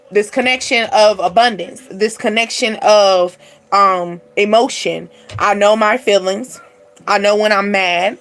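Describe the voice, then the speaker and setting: A woman with a mid-range, slightly bright voice hosts a spiritual reading channel. She gives a casual, tarot-style energy reading, speaking bluntly to her viewers and dropping in frequent asides.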